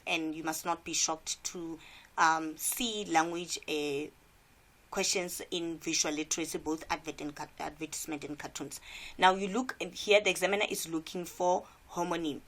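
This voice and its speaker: A woman's voice: fairly low pitch, moderate pace, a bit bright. A South African woman teacher giving an exam revision lesson, repeating key points and asking rhetorical questions.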